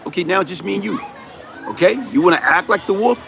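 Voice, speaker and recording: A man's voice: high-pitched, fast, gravelly, fairly bright tone, a faint crowd. A middle-aged man, telling a personal story on a live stream in emphatic street slang. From New York City. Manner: emphatic street-slang storytelling, repeats "you know what I'm saying". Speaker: livestream host.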